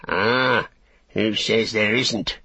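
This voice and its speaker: A man's voice: on the low side, extremely slow, bright, forceful tone, slightly rough, dry recording, pitched above the performer's own voice, exaggerated voice. A man voicing a small, sly orc tracker who snarls and whines. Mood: sneering. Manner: snarling, whining.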